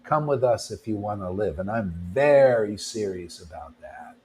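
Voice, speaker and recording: A man's voice: lowish voice, expressive, normal speed, darkish tone, a little hiss or hum. A man preaching informally to a devotional gathering, blunt and confrontational, throwing out rhetorical questions and calling his listeners "man". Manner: rhetorical questions, mocking asides.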